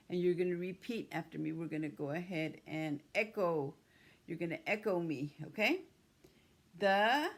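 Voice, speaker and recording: A woman's voice: medium pitch, a bit bright. A woman teacher leading an early-grade writing lesson, patiently sounding out letters and words.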